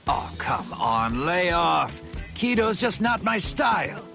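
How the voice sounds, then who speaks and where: A man's voice: high voice, sing-song, slow, vocal fry, bright, forceful tone, faint music behind, exaggerated voice. An actor playing a cocky, easygoing young male swordsman in a video game, teasing his friend.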